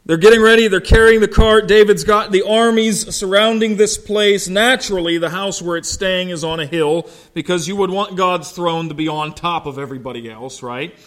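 Folksy pastor with a slow drawl. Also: male voice, high voice, steady tone, fairly bright tone. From Ohio, United States. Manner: folksy storytelling, asks the congregation questions. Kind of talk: sermon.

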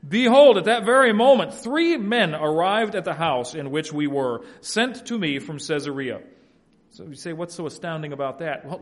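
A man with a somewhat high voice preaches a verse-by-verse sermon. He drops into soft, chatty family stories, then builds back up to loud, emphatic points. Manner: animated, swings from hushed asides to loud emphatic preaching; folksy family anecdotes, laughs at own stories. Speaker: pastor. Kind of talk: expository sermon.

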